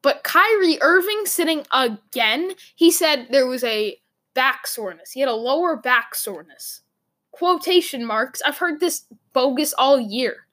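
A woman's voice: high voice, lively intonation, measured pace, a bit bright. A young woman from Boston with a Boston accent, hosting a rambling, opinionated sports talk monologue full of "like" fillers. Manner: rambling, emphatic, lots of "like" fillers.

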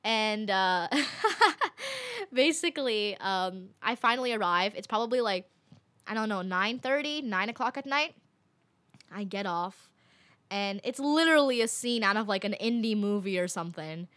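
Bright-voiced young woman telling a travel story. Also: mid-range voice, moderate pace, no echo. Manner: animated, many fillers and laughs. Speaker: vlogger. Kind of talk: casual storytelling to camera.

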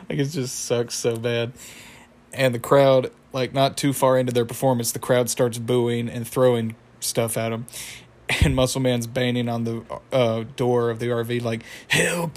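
A young man talks through a cartoon plot in a loose, rambling way, stopping to correct himself and chuckle. His voice stays flat, with little rise or fall, at a middle pitch. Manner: rambling, self-correcting, chuckles, acts out quotes. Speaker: cartoon episode recapper. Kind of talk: casual retelling with impressions.

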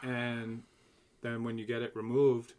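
A man's voice: mid-range voice, level tone, unhurried, darkish tone. A man in his thirties hosting a casual podcast, telling crude stories bluntly and laughing as he goes. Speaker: podcast host.

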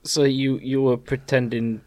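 A man's voice: mid-range voice, little pitch movement, unhurried, a little mellow. A man co-hosting a podcast in casual chat, with a teasing manner. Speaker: podcast co-host.

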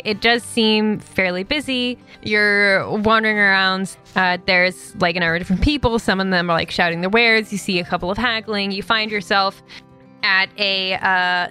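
A woman's voice: mid-range voice, fairly even intonation, normal speed, sharp tone, clear, resonant tone, soft background music. A woman game master narrating a tabletop game in a loose way, full of fillers. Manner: loose, many fillers and likes.

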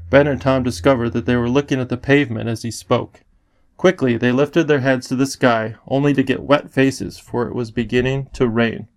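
A man narrating a children's book in a measured storytelling manner. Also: medium pitch, steady tone, no echo, studio quality. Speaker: audiobook narrator. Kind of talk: scripted narration.

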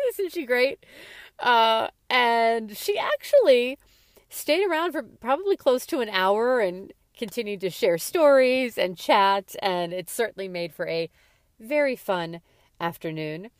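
A woman hosts a podcast and speaks slowly and thoughtfully. Her tone is sincere as she reflects on the people she has met. The recording is dry and close, with no room echo. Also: fairly high pitch, very animated. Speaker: podcast host. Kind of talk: podcast narration.

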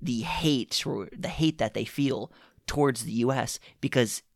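A man's voice: medium pitch, unhurried, no room sound, clean studio sound. A man co-hosting a podcast, speaking bluntly with slang and frequent swearing in casual political talk. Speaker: podcast co-host.

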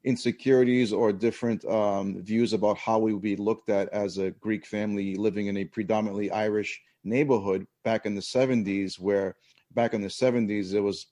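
Man, 50s, lower voice, earnest storyteller. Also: steady tone, a little fast, mellow. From South Boston, USA. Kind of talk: casual chat.

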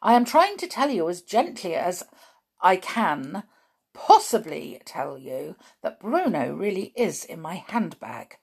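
A woman voicing a firm, patient grandmother in her old age who speaks in a calm, measured way in a storybook reading. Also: on the low side, creaky, breathy edge, exaggerated voice.

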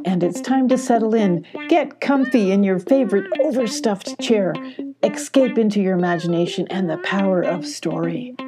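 An older woman reading a children's storybook aloud as a grandmotherly storyteller, gently. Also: mid-range voice. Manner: gentle, doing character voices.

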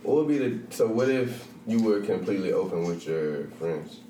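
Low-voiced man, off-mic and echoey. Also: animated, normal speed, warm tone, far from the mic. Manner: thoughtful, questioning. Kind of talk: casual group podcast chat. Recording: echoey, off-mic, faint hum.

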